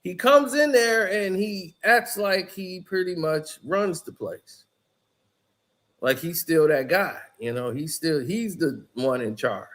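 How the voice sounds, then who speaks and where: A man giving casual, rambling basketball commentary, telling the story in a loose way with lots of "you know" and "like". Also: fairly high pitch.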